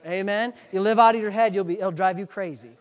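High-voiced, fervent male preacher. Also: fairly even intonation, fast talker, lo-fi sound. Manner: fervent preaching, rhetorical questions, swings from hushed to shouting. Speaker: pastor. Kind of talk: sermon.

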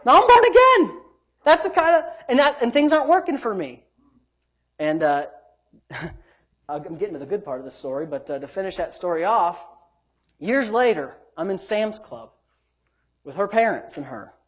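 A man preaching a sermon and telling his own story. He swings between loud, emphatic preaching and low, muttered asides, and he acts out the quoted voices. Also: sing-song, normal speed, pauses often, husky. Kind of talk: sermon with personal testimony.

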